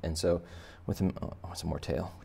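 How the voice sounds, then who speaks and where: A man's voice: low-pitched, fairly even intonation, fairly quick, gravelly, warm tone, husky. A man teaching kids to draw, chatting casually and making joking asides while he sketches. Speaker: art teacher. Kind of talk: casual drawing tutorial for kids.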